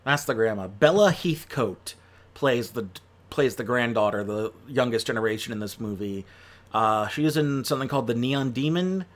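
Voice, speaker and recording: A man talking through a film review in a loose, conversational way. He rambles, restarts his sentences and fills pauses with ums and uhs, and his pitch sits in an everyday middle range. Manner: rambling and chatty, full of fillers and self-corrections. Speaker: movie reviewer. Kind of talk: casual spoken film review.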